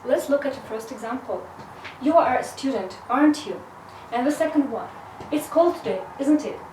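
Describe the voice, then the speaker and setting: High-voiced woman teaching in an echoey room. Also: lively intonation, darkish tone, a little hiss or hum. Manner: slow, careful explanation with frequent "so". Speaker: English teacher. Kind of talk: video grammar lesson. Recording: echoey room, mic at a distance.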